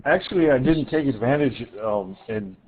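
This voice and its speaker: A man's voice: mid-range voice, animated, normal speed, narrow, tinny audio. Joking man over racing-game engine noise. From half Canadian. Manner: joking, crude, playful. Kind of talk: casual chat during online racing. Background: racing game engine sounds.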